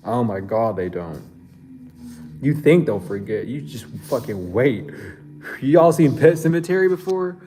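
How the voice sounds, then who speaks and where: A man's voice: medium pitch, expressive, normal speed, dark tone, slight background noise. A man giving a loose, slangy psychic reading to his viewers, chuckling and thinking aloud with restarts. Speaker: psychic reader. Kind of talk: casual spiritual reading to viewers.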